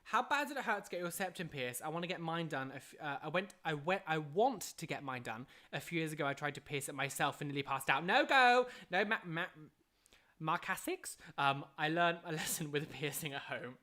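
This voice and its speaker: Chatty and excitable, a live streamer reads out viewer questions and answers them in casual conversation. The voice sits at medium pitch and moves fairly quickly. Between answers come hummed filler tunes and frequent laughter.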